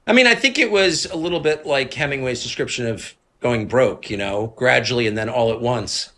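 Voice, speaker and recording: A man in his fifties, a guest in a conversational interview, who tells stories with animated, mocking impressions of other people. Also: moderate pace. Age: 50s. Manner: animated storyteller, acts out others in high mocking voices. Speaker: interview guest, media figure.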